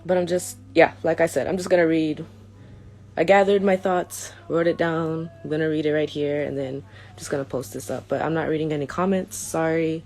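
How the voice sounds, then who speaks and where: A woman's voice: sits low, fairly even intonation, brisk, a little mellow. A young woman reading out a prepared statement to her followers, earnest and a little hesitant, often stopping to restart her sentences. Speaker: vlogger.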